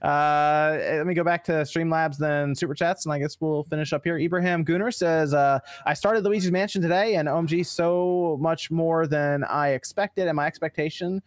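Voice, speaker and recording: A man's voice: fairly high pitch, fairly even intonation, normal speed, hardly any pauses, no room sound. A man hosting a casual gaming podcast, laid-back and laughing often as he reads out viewer comments. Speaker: podcast host reading Super Chats. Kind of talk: casual chat.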